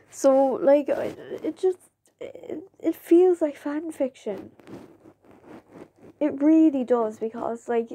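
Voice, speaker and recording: A young woman vlogger chats casually to the camera in a voice on the high side, with a faint hiss or hum in the audio. She rambles, sprinkling in lots of "like"s and jumping into excited quoted voices.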